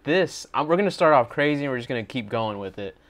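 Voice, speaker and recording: A man talks through video clips with his co-host in a loose, conversational way. His voice sits at an ordinary pitch. He explains and asks questions, swearing now and then. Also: animated, fast, fairly bright tone. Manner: chatty, explains, asks opinions, casual swearing. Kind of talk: casual reaction-show chat.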